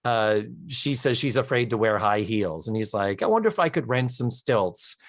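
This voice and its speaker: A man co-hosting a podcast, retelling a sitcom episode with animated storytelling, acting out its lines and swearing for comic effect. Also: lowish voice, normal speed, no room sound, studio quality. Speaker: podcast co-host. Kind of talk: casual recap chat.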